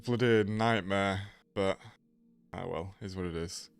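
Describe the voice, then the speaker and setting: A man's voice: low-pitched, measured pace, creaky, clean tone. Man, nasal cold voice, casual stream host, faint music behind. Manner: chatty, greets viewers by name. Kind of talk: casual live-stream chat.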